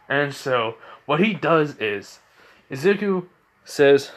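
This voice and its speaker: A man's voice: a little high, lively intonation, takes it slowly. A man improvising a fan-fiction story aloud, rambling with many fillers and self-corrections.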